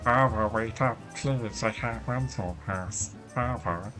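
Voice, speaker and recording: A man's voice: mid-range voice, a bit bright, soft background music. A man doing a whiny little boy. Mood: pleading. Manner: slow pleading puppet-show boy voice. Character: small whiny boy chasing his father.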